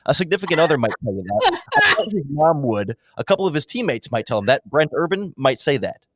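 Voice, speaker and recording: A man in casual football analysis chat, talking in quick animated bursts as a podcast guest. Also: fairly high pitch, noisy background. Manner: animated, quick, breaks into mock impressions. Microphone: remote call microphone.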